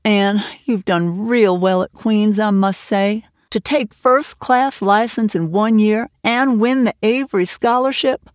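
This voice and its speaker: A woman's voice: medium pitch, no room sound, close to an everyday voice. A woman reading as blunt, worried old farm woman Marilla.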